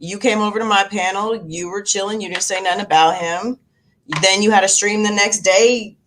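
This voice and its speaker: A woman in a casual chat, listening and answering in a measured, reserved way. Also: mid-range voice, fairly even intonation, fairly bright tone.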